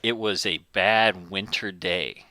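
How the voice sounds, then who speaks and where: A man in his thirties with a low, bright, forceful voice tells stories in a relaxed podcast chat. He rambles and gets animated when he replays conversations. The mic is close and dry. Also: slow pace, no echo. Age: 30s. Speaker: podcast host. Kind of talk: casual storytelling chat.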